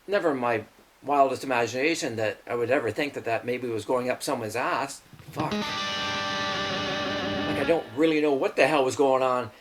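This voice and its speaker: A middle-aged man tells rambling personal stories in a blunt, profane way. His voice rides a little high and jumps all over the place. He chuckles through the strange parts. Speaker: show host.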